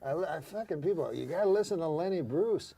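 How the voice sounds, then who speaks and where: A man's voice: fairly high pitch, animated, a little fast, gravelly, dark tone, slight background noise. A man in profane comic banter, swearing constantly, trading mock insults and laughing.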